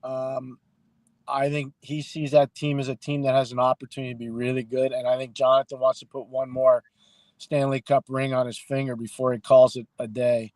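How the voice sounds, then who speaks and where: A middle-aged man co-hosting a hockey podcast, talking casually and telling stories with lively acted-out quotes. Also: mid-range voice, moderate pace, dry recording. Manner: animated storyteller, acts out quoted people. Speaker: hockey analyst and podcast co-host.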